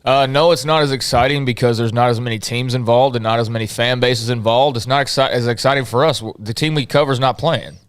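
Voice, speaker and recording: A man's voice: medium pitch, fairly even intonation, quick pace, few pauses, clean tone. A man co-hosting a sports radio show, easygoing and explaining with everyday comparisons. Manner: easygoing, laughs, uses analogies. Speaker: radio co-host. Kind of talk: casual sports radio chat.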